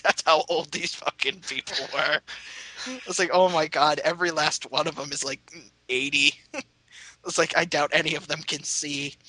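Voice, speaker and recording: A man's voice: on the high side, bright, forceful tone, no room sound, low-quality recording. A young man casually telling a rambling, sweary story and laughing as he goes.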